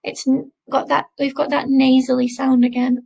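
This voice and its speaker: A woman teaching a recorded French lesson, modelling words slowly and repeating them for learners to copy. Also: high voice, flat delivery, creaky, darkish tone, low-quality recording. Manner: slow, careful pronunciation drills, repeating words.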